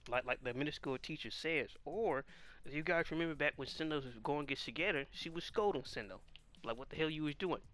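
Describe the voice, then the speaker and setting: A man's voice: on the high side, fairly quick, fairly bright tone. A man giving casual commentary on a comic chapter, exasperated and firing off rhetorical questions. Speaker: manga reaction host.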